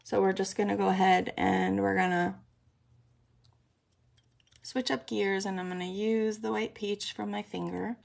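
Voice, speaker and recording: Gravelly chatty woman. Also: mid-range voice, level tone, unhurried, long pauses. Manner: chatty, rambling, many ums, explains as she works. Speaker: makeup vlogger doing a live tutorial. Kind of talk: casual live makeup tutorial.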